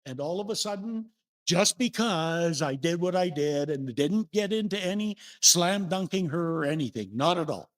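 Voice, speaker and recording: An older man preaches to his congregation in a relaxed, folksy way, telling stories from his own life. His voice sits a little high and swings widely up and down as he asks the room questions. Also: normal speed. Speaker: minister. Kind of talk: sermon. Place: church sanctuary.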